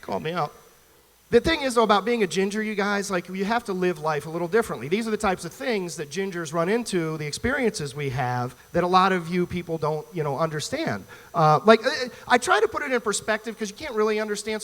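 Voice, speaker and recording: A male stand-up comedian from the US Midwest, talking in an animated, rambling way on stage at a live venue. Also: high-pitched, big-room sound. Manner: animated, chatty, rambling asides.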